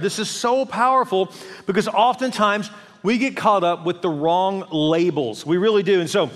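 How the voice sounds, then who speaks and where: A man who is a senior pastor, preaching a sermon in a church with animated delivery, acting out people's inner voices. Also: high voice. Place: large church hall. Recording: long hall reverb.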